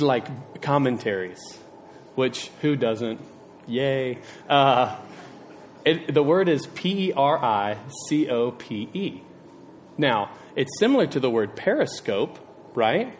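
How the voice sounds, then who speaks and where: A male preacher with a medium-pitched voice delivers a casual sermon over a little hiss or hum. He's chatty and rambling, wandering into self-deprecating digressions and asking the congregation questions.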